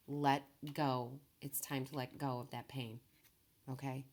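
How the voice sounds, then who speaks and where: A woman giving a tarot reading, who talks softly and reassuringly and keeps checking in with "okay". She is emotional and close to tears, and her voice stays low and quiet. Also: little pitch movement, a little slow. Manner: soft-spoken, emotional, reassuring, says okay often. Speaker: tarot reader.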